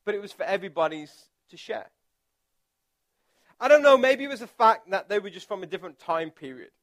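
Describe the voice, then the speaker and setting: A man preaching a relaxed, conversational sermon as pastor, chatty and self-deprecating, with filler words and restarts. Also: sits high, fairly quick.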